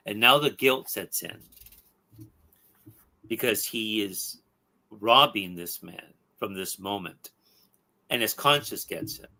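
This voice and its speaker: A man hosting a podcast, retelling a comic book story in an animated way and checking in with his listeners. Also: lowish voice, slow pace, vocal fry, long pauses. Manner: animated storyteller with tag questions. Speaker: podcast host.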